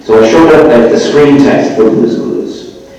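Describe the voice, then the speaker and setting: A man's voice: medium pitch, measured pace, mellow, recorded from a distance. A man, a voice actor, chatting on stage and demonstrating voices mid-sentence. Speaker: voice actor guest. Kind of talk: live stage conversation. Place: live festival stage in a large hall. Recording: echoey hall, voice picked up from afar.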